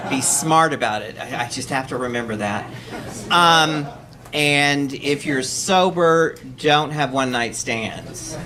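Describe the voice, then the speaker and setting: A man hosting a live storytelling show on a cabaret stage, energetic and joking as he keeps the crowd going. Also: medium pitch, slow pace. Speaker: host. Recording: live room with a noisy cheering crowd.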